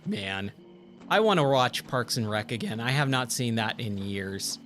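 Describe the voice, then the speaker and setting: Slow-talking man streaming a game. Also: medium pitch, lively intonation, soft background music. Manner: chatty and easily awed, thanks viewers warmly. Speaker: livestream gaming host. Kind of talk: casual livestream chat while gaming.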